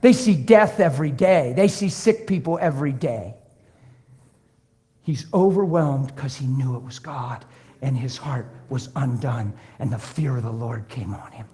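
A man preaching a sermon, telling stories and acting out conversations, swinging between hushed and loud. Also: mid-range voice, a little slow. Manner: acts out dialogue in different voices. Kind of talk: sermon with storytelling.

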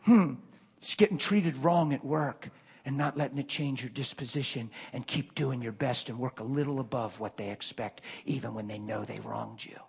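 Husky-voiced man preaching a story. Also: medium pitch, normal speed. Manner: swings from hushed murmurs to loud excited bursts. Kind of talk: sermon storytelling.

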